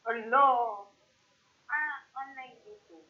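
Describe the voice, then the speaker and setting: A woman's voice: sits high, takes it slowly. A woman with a Filipino accent chiming in briefly in a casual chat, mixing English with Tagalog. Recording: slightly muffled lo-fi audio.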